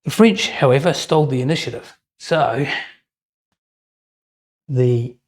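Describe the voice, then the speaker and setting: A man's voice: mid-range voice, expressive, unhurried, a little mellow, low-quality recording. A man narrating a solo tabletop wargame battle report in a chatty way, with joking asides and frequent ums. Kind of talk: casual game commentary.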